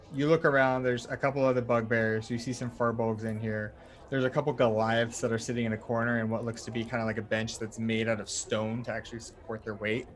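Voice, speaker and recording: A man as dungeon master, narrating a tabletop game in a relaxed, rambling way full of fillers. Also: medium pitch. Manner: relaxed, filler-heavy storytelling.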